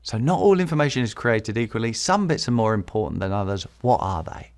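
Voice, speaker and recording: This podcast host teaches public speaking in a fast, sing-song, mid-range voice. He repeats key phrases for emphasis and chuckles between his points.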